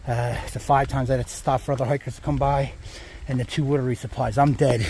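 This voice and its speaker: A man's voice: medium pitch, steady tone, fast, gravelly, darkish tone, slight background noise. A man filming a casual trail vlog outdoors, chatting in a rambling way with lots of fillers. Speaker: hiker vlogger.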